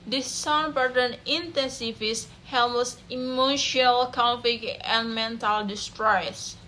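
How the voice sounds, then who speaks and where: A woman's voice: a little high, steady tone, slow, sharp tone, a little hiss or hum. A young woman, reading a class presentation aloud, carefully, with small slips and self-corrections. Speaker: student presenter.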